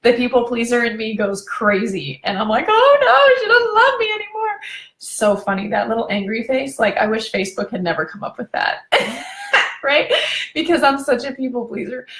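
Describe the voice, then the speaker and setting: A woman relationship coach giving a chatty, animated live video training, laughing often and drifting into tangents. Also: a little high, moderate pace. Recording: echoey room.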